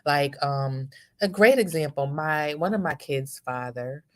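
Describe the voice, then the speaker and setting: A woman's voice: low-pitched, unhurried. A woman co-hosting a casual talk show, speaking passionately and emphatically. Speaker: podcast co-host. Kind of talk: casual chat.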